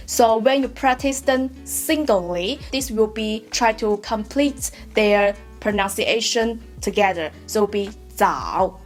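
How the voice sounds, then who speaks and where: Slow-speaking Chinese-accented woman tutor. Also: on the high side. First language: Mandarin. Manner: patient, explanatory, often asks "right?"; models Mandarin words slowly and deliberately. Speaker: Mandarin tutor. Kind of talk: online language lesson.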